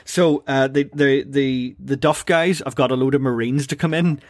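A man talks casually through a cartoon episode with a co-host, slipping into quick voices for the characters and laughing often. His voice sits at an ordinary middle pitch. The sound is close and dry, with no room around it. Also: steady tone, dry recording. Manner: chatty, retells scenes with quick quoted voices and laughs. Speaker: podcast co-host.

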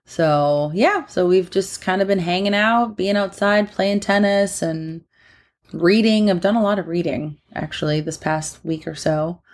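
A young woman in her twenties co-hosts a podcast with relaxed, chatty ease. Her voice sits low for a woman. She adds touches of dry humor. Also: a little slow. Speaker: podcast co-host. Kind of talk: casual chat.

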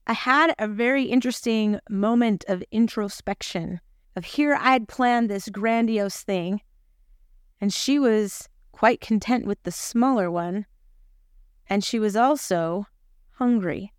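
Woman host, gospel lesson; chatty, self-deprecating storyteller, smooth voice, dry close sound. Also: medium pitch, measured pace, no echo. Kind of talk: scripture lesson with personal storytelling.

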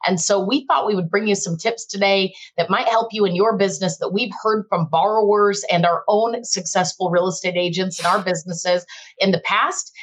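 Brisk middle-aged woman lender hosting. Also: medium pitch, slightly rough. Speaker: mortgage lender and podcast host. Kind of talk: casual panel chat.

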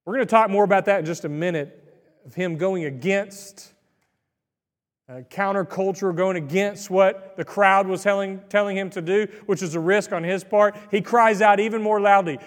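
A man's voice: high-pitched, moderate pace, big-room sound. A man preaching a sermon in a conversational, folksy storytelling way, with asides to the congregation. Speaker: pastor.

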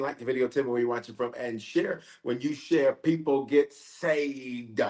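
A male preacher with a mid-range voice, hosting an energetic livestream prayer. He calls out viewers' places in a roll call and drives his points home by repeating them. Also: medium pitch, normal speed, few pauses. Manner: energetic, repeating phrases for emphasis. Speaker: bishop leading online prayer.

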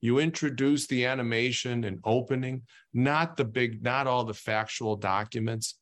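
A man's voice: mid-range voice, fairly even intonation, normal speed, a bit bright. A man on a panel discussion who repeats words as he starts his sentences.

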